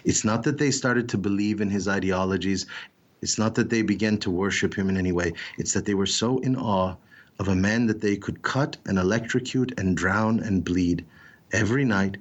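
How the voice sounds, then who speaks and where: A man giving a reflective storytelling talk, intense and dramatic, pausing often with "uh" between phrases. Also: on the low side, muffled recording. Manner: dramatic, intense storyteller with frequent pauses and "uh" fillers. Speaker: speaker telling a story.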